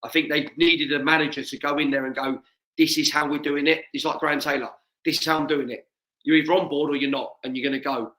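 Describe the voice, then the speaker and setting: A man's voice: on the high side, fairly even intonation, fast. A middle-aged English man with a Watford-area accent, chatting casually as a guest on a video call, full of matey banter. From England. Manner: warm, laughs often, matey banter. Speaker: guest, former footballer. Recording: echoey room.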